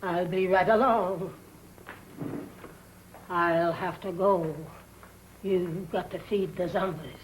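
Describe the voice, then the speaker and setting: A slow, stern servant. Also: female voice, on the low side, steady tone, a little hiss or hum, rough recording. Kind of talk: 1940s film acting.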